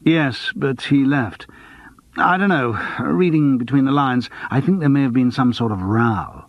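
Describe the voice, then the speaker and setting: A subdued actor turned amateur detective, read by a male narrator, hesitant and rueful in his replies. His voice sits at an ordinary middle pitch. The recording is dry and close. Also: unhurried, no room sound, muffled recording, natural voice. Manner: low-key, hesitant, rueful. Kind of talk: audiobook character voice.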